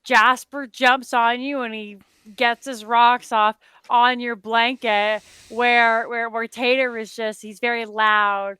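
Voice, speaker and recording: A woman chatting casually as co-host, rambling through animated stories and swearing freely. Her voice is bright and smooth and sits a little high. The sound is dry and close. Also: slow pace, hardly any pauses, dry recording. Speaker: co-host reacting to memes. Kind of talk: casual chat.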